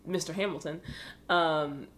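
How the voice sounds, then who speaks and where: A woman's voice: deep voice, fairly even intonation, a little slow, a bit bright. A woman co-hosting a podcast, chatting casually and explaining things with a teasing edge. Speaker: podcast co-host. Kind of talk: casual chat recapping a musical.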